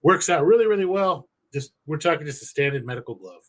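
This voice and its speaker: A podcast co-host with a slightly high, expressive voice talks fast and casually, swearing emphatically as he rambles through the steps of home brewing.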